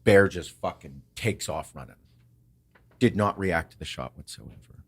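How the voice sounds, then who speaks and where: A man hosting a podcast, telling a story in a casual, animated way, swearing often and acting out what others said. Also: low voice, a little slow, breathy edge. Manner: animated, swears a lot, acts out quotes. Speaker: podcast host.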